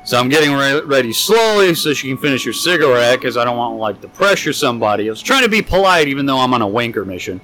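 Young male podcast co-host, tipsy, bright lively voice, rambling profane storyteller. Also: medium pitch, fast, few pauses, slight background noise. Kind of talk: casual storytelling chat.

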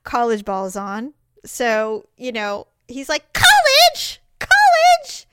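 A woman's voice: a little high, takes it slowly, background noise. A woman telling family stories in casual chat, acting out the voices of the people in them. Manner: animated, acts out voices of family members while telling stories.

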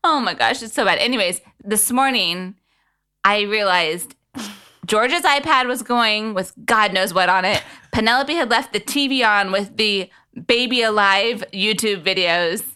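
A woman's voice: mid-range voice, unhurried, sharp tone, clear, resonant tone. A woman in casual chat as a podcast co-host, chatty and self-deprecating, laughing easily.

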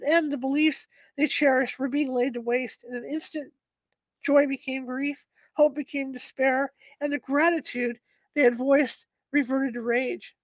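A woman narrating an audiobook in a steady, dramatic reading. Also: high voice, no room sound.

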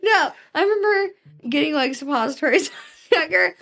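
A woman's voice: high-pitched, animated, brisk, vocal fry, fairly bright tone, slight background noise. A young woman co-hosting a podcast in casual chat, crude and joking, laughing often. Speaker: podcast co-host.

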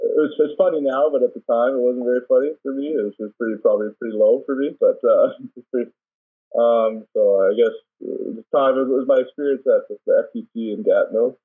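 A man in his twenties, a volleyball player, telling a story in a relaxed interview and laughing often. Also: mid-range voice, a little fast, slightly rough. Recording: tinny phone-like call audio.

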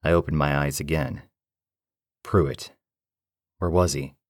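Very deep man narrating horror. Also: fairly even intonation, slow pace, no room sound, studio quality. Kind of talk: first-person horror story narration.

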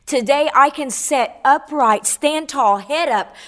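A woman's voice: high-pitched, slow, fairly bright tone. Fervent woman giving her testimony. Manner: fervent and preacherly, swells on key phrases, repeats words. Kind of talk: impassioned spoken testimony on radio.

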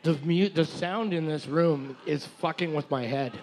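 Wisecracking high-voiced man co-hosting trivia. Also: unhurried, a little mellow. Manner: crude, wisecracking, reads out team numbers. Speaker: trivia co-host reading answers and scores. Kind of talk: bar trivia banter. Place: bar trivia night with a sound system.

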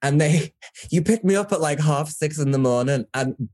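A man's voice: fairly high pitch, moderate pace, no room sound, studio quality. Rambling Scouse man. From Liverpool, England. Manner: rambling, self-interrupting, swears casually, lively. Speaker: poet, guest. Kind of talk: casual interview chat.

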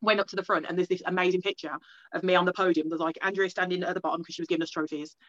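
A young woman from England tells her story at a rapid clip, stringing thoughts together with "like" and little acted-out quotes of herself. The sound is close and dry, with a slightly dull, lo-fi edge. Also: on the low side, little pitch movement, a bit bright, no echo. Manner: fast, rambling, lots of "like" and quoted self-talk. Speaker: guest. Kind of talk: casual storytelling interview.

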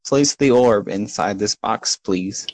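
A man's voice: lowish voice, slow pace, no room sound. A man voicing a small, nervous male gnome assistant who stammers politely. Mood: hurried.

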